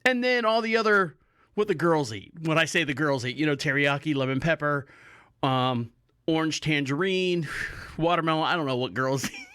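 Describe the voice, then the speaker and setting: A man's voice: on the high side, moderate pace, a bit bright, clear, resonant tone, no room sound, clean studio sound. A man hosting a podcast, telling a rambling story in casual talk, swearing freely and laughing often. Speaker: podcast host.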